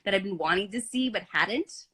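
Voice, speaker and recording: A woman's voice: medium pitch, expressive, brisk, fairly bright tone, husky. A woman hosting a casual live chat, talking eagerly with lots of fillers and asking questions. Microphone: phone on a live video stream.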